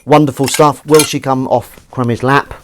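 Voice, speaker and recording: A man's voice: medium pitch, fairly even intonation, normal speed, noisy background. A man hosting a livestream, chatting in rambling, self-mocking banter full of ums and asides while washing up in his kitchen. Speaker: livestream host. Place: home kitchen at the sink.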